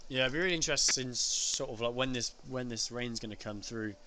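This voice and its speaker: A man's voice: medium pitch, sharp tone, a little hiss or hum. A man doing live commentary for an online racing league, chatty and joking with his co-host. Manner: chatty, jokey, quick banter with co-host. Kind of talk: live race commentary on stream.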